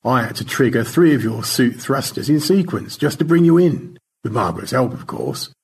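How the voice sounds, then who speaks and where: A man's voice: mid-range voice, animated, moderate pace, a little mellow, slight background noise, pitched above the performer's own voice, lightly acted. A man voicing Stanley, a dry-witted space rescuer who teases in easy banter. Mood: teasing.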